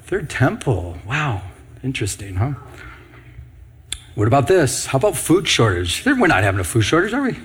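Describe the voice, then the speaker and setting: A man's voice: medium pitch, huge pitch swings, moderate pace, slight background noise. A middle-aged man preaching on Bible prophecy, reading headlines and scripture and asking the audience rhetorical questions. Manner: asks rhetorical questions to the audience, reads news headlines aloud. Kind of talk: prophecy teaching sermon.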